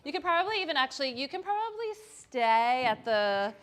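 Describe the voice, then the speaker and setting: A woman teaching a live yoga class in a studio, giving calm step-by-step cues with casual asides. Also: high-pitched, a little fast. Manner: calm cueing with chanted Sanskrit and casual asides.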